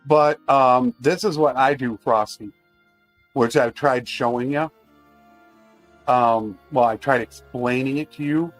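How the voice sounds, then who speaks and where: A man's voice: medium pitch, takes it slowly, no echo, faint music behind. A man streaming a video game live, chatting casually to his viewers while he plays. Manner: chatty, talks to chat while playing.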